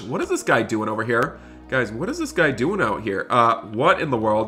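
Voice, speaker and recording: A man hosting a gaming roleplay video as a store cashier, excitable, switching between chatting with viewers and scolding customers. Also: mid-range voice, fairly quick, faint music behind.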